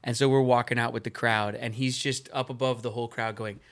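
A man in his thirties hosting a casual sports podcast, telling stories in a lively, playful way. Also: medium pitch, brisk. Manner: animated, playful storytelling. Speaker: podcast host.

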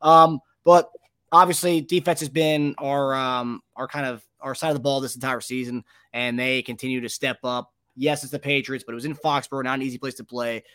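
A man's voice: medium pitch, fairly even intonation, a little fast, fairly bright tone, no echo. A man hosting a football podcast, rambling through plays with restarts and handing questions to his co-host. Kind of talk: casual sports chat.

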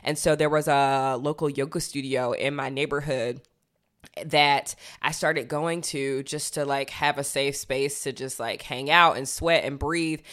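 A young woman co-hosting a podcast, chatting casually and telling animated stories full of fillers. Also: rumbling low, unhurried. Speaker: podcast co-host. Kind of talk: casual chat.

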